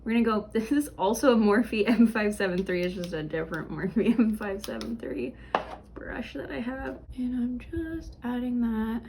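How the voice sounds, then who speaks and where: A woman's voice: on the high side, normal speed, darkish tone, a little hiss or hum. A young woman from the United States in casual makeup tutorial chat, rambling and chatty with fillers, talking at home in her beauty room. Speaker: beauty vlogger.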